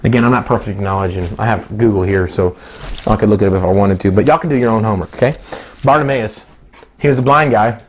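A man in his thirties preaching a sermon, animated and laughing often, jumping to high excited tones. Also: fast talker, slight background noise.

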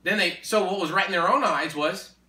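A man preaching in a conversation, emphatic and repetitive, building to forceful exhortation. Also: high-pitched, fairly quick. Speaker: Christian speaker. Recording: echoey room, distant mic.

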